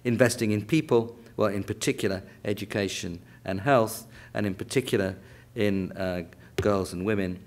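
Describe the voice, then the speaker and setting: A man in his sixties with a West London accent, chairing a panel and giving a deliberate, explanatory academic talk in a lecture theatre. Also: lowish voice, fairly even intonation. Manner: deliberate, explanatory, with fillers and repeated key phrases.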